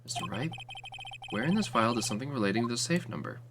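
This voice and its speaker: A man's voice: medium pitch, animated, quick pace, a bit bright, slight background noise, voice pushed down. A man voicing a cold, arrogant older prosecutor who talks in a dismissive, sneering way. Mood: scornful. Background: game music.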